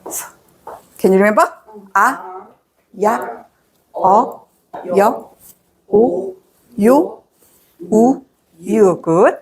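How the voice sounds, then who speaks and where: A woman's voice: on the high side, big pitch swings, slow pace, creaky, long pauses, slight background noise. A woman with a Korean accent teaching pronunciation, patiently repeating syllables for learners to copy. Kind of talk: slow, patient pronunciation lesson.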